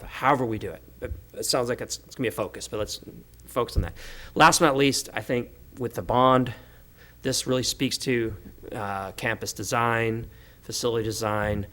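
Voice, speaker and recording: A man's voice: mid-range voice, moderate pace, a bit bright. A man, a school board trustee, giving earnest remarks at a meeting and searching for words at times.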